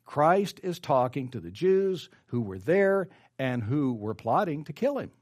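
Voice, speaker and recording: Lively male preacher reading scripture. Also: on the high side, a little slow. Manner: reads scripture aloud and comments, rising emphatic then dropping quiet; clears his throat often. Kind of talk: sermon.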